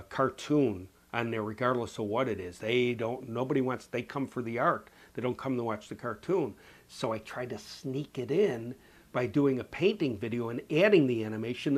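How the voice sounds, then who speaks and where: A man's voice: medium pitch, a little mellow. A man from the Chicago area with a Chicago accent, chatting casually as a painting instructor, rambling and folksy with lots of "you know", while nursing a cold. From Chicago area, USA. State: has a cold. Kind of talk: casual chat answering viewer comments.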